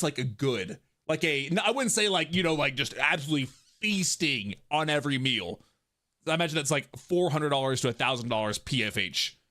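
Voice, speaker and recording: A man chatting casually and jokingly with his livestream audience. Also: fairly high pitch. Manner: animated, jokey, talks to chat. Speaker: streamer.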